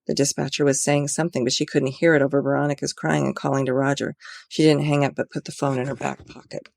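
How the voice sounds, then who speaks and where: A woman's voice: very deep voice, level tone, fast talker, creaky, darkish tone, no echo. A woman author reading her own mystery novel aloud in an earnest, amateur way.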